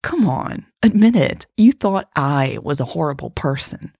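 A woman reading as a warm, teasing woman. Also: deep voice, expressive, unhurried, gravelly, dry recording, clean studio sound, exaggerated voice. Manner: gentle, teasing.

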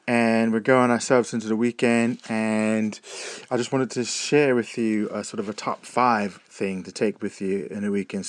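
A man from the United States whose American accent has partly softened after years in Britain, talking casually in an audio diary with lots of ums and uhs. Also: medium pitch, no echo. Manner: rambling, many ums and uhs and self-corrections. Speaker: audio blogger.

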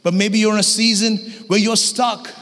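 An Australian man preaching a lively sermon as guest pastor, humorous and energetic, shouting at the peaks. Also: sits high, normal speed. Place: church hall. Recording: long church hall reverb.

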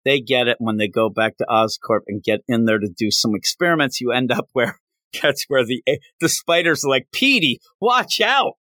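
A man hosting a podcast, recapping a comic book in a casual, animated way and acting out the characters' lines. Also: mid-range voice, dry recording. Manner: animated storytelling, acts out quotes, laughs often. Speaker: podcast host.

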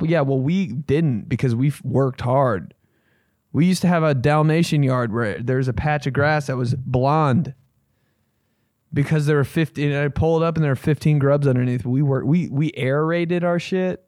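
A young man, telling a comic story on a podcast in an animated, swearing rant. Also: fairly high pitch, moderate pace, no echo, studio quality. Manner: animated storytelling, swears a lot, bursts into yelled impressions. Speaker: podcast host. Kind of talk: casual comedic podcast rant.

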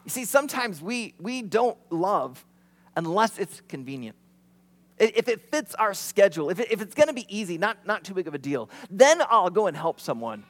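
A man preaching a sermon with a high voice that swings widely in pitch. His delivery is animated, and he acts out the quotes he tells. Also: moderate pace. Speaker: pastor.

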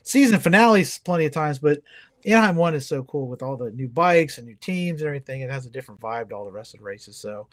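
American male guest in his middle years, rapid and enthusiastic delivery. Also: a little high, animated. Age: middle-aged. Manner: fast, enthusiastic, chatty. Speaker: podcast guest. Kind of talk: casual chat.

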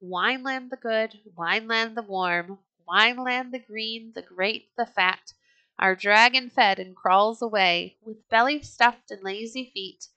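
A woman's voice: a little high, measured pace, bright, forceful tone, dry recording. A woman reading the part of an exultant Norse sailor who chants a rhythmic verse.

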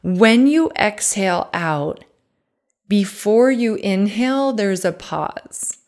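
A woman podcast host and coach leading a guided breathing meditation, talking softly and calmly and counting breaths aloud. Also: medium pitch. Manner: slow, soft and calm, counting breaths aloud.

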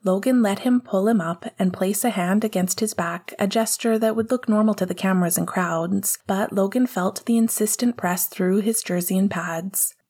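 A woman reading a fan fiction story aloud in steady, even narration. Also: mid-range voice, normal speed, few pauses, breathy edge. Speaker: audiobook reader.

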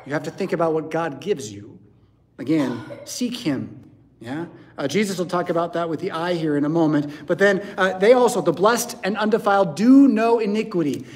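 Guy preaching in church, kinda high voice, swoops up and down a lot, chatty with lots of "right?". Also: a little mellow. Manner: conversational preaching with frequent "right?" and "yeah?" asides. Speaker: pastor. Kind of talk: sermon.

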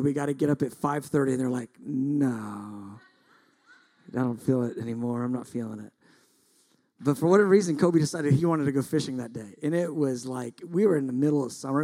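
A middle-aged male pastor preaching, telling a story with lively acted-out quotes. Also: medium pitch. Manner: animated storytelling, acts out quotes loudly. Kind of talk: sermon.

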